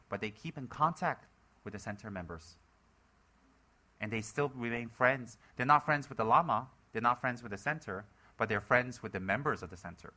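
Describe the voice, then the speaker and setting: A man's voice: mid-range voice, sharp tone. A man giving a playful Dharma talk as a Buddhist teacher, teasing his students with jokes. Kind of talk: joking Dharma talk to a live audience.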